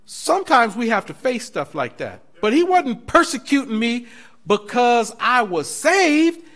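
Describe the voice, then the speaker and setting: A man, a pastor, teaching a Bible class in a lively preaching style, telling stories and acting out quoted voices. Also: extremely high pitch, measured pace. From United States. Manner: animated preaching with storytelling, laughing asides; acts out quoted voices in dialogue.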